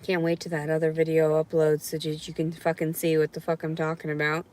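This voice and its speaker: A woman's voice: sits low, completely flat delivery, brisk, darkish tone. A woman ranting alone to camera in a vlog, bitter and sarcastic, swearing a lot and sometimes slipping into a mocking sing-song voice. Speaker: vlogger. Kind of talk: unscripted solo vlog rant.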